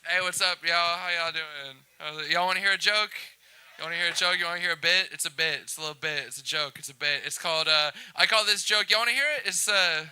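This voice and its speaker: A man's voice: on the high side, fast talker, sharp tone, clear, resonant tone, no echo. A man doing an awkward, rambling stand-up set, repeating himself and laughing at his own jokes. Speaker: stand-up comic. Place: comedy club stage.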